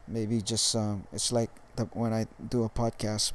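A young man from Hawaii with a Californian accent, giving dating tips in a casual vlog monologue, laid-back and halting, swearing freely. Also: fairly low pitch, flat delivery, a little hiss or hum. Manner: laid-back, profane, halting with many restarts. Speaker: dating coach vlogger.

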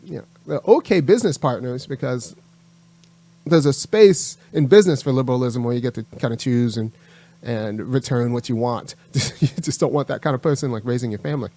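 A man's voice: medium pitch, brisk, mellow, dry recording. A man hosting his own channel, giving an emphatic opinion monologue that repeats its points and lectures. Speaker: channel host.

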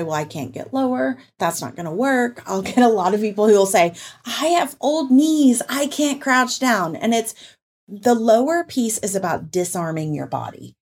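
A woman hosting a parenting podcast, explaining ideas in a casual, animated way. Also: fairly low pitch. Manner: explanatory, animated, quotes people in put-on voices. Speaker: podcast host and parenting author.

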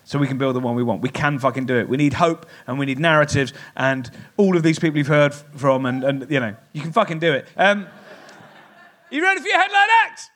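A man hosting a live club event, rallying the crowd with excited, sweary talk. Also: mid-range voice, quick pace, few pauses. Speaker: podcast host introducing acts. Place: live music club with audience.

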